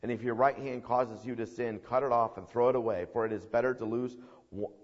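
A man's voice: on the low side, fairly quick. A man preaching a sermon in an earnest, emphatic way. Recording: dull recording with long hall reverb.

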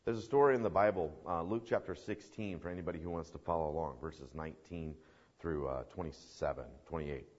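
A man's voice: low voice, brisk. Earnest male preacher, emphatic delivery, dull lo-fi sound. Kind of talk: sermon. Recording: dull recording with long hall reverb.

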